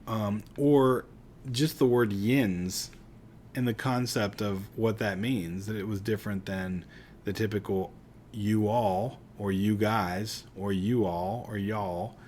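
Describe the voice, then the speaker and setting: A man's voice: on the low side, fairly even intonation, unhurried, darkish tone, slight background noise. A middle-aged man from Pittsburgh with a light Pittsburgh accent, giving a casual, rambling recorded psychology lecture. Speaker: psychology teacher.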